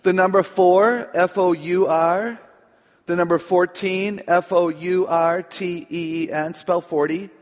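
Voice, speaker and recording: A woman's voice: on the low side, fairly even intonation, measured pace. A chatty woman speaker on stage, playful and drawing in her audience. Her voice rings through a big hall with long reverb and a dull, lo-fi sound. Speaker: author and speaker on children. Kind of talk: humorous talk to a live audience.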